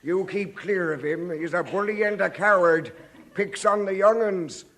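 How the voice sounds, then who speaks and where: A man's voice: sits high, a bit bright. A man playing a deferential, gossipy chauffeur in a 1950s radio comedy, talking to a young boy. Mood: chatty. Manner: slow, chatty, deferential. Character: slow, gossipy male family chauffeur. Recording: crackly old radio broadcast recording.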